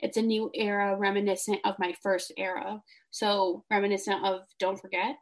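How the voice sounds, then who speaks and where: Young woman cohosting a fan podcast, excitable, laughs a lot, chatty. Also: medium pitch, normal speed. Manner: animated, gushing, laughs often. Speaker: podcast co-host. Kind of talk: casual fan podcast chat.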